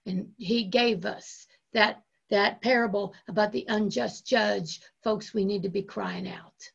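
A woman pastor preaching a sermon with impassioned, drawn-out emphasis and repeated phrases. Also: medium pitch, steady tone, gravelly, breathy edge, muffled recording.

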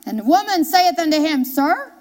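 A woman pastor delivers a sermon in a strikingly high voice. She reads scripture aloud, then presses her points with emphatic repetition and direct questions to the congregation. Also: sing-song, normal speed, darkish tone. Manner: emphatic, repeats key phrases, asks the congregation questions.

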